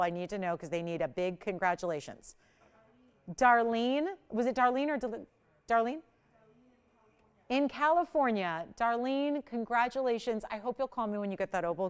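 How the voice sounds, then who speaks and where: A woman hosting a live jewelry shopping show, chatting and selling with upbeat patter and bursts of excitement. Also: medium pitch, clear, resonant tone. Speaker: shopping channel jewelry host. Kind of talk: live home shopping presentation.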